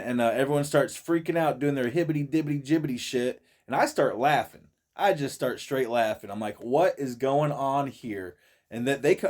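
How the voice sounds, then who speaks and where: A vlogger reacting to a video chats casually from a friend's shed in a profane monologue, stumbling over and repeating words, swearing freely and laughing often. His voice is mid-range and a little mellow.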